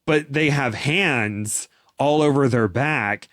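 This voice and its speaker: A young man co-hosting a casual chat, animated and full of restarts, breaking into excited voices when he quotes someone. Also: mid-range voice, slow, dry recording, clean studio sound. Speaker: podcast co-host. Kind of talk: casual chat recapping a novel.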